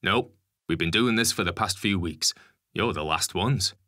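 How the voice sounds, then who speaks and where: A man voicing a calm, reassuring convoy driver who speaks in a steady, matter-of-fact way. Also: low-pitched, normal speed, no room sound, studio quality.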